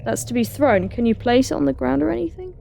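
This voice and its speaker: A woman's voice: sits high, lively intonation, fast, creaky, dark tone, a little hiss or hum. A woman giving casual gameplay commentary, reading in-game text aloud and adding wry, sarcastic asides to herself. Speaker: let's play gamer.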